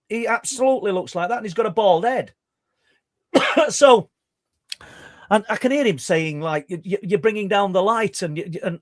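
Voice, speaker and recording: This middle-aged guest researcher from Yorkshire, England, talks animatedly and at length, telling a story in conversation while tripping over his words and starting again. His Yorkshire-accented voice sits fairly high for a man, and the sound is dry and close, with almost no room and no echo.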